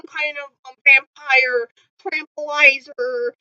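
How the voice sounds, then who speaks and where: Speaking at normal speed in a fairly high, sharp voice, this woman chats casually from home about a TV episode she just watched. She gushes emotionally, leans on lots of fillers and at times nearly cries. The home recording is dry and slightly dull, with no room sound.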